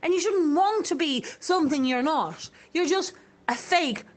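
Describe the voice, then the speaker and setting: A woman's voice: high voice, lively intonation, a little slow. Fiery Irish woman radio host. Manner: fiery, indignant and emphatic. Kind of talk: impassioned radio monologue.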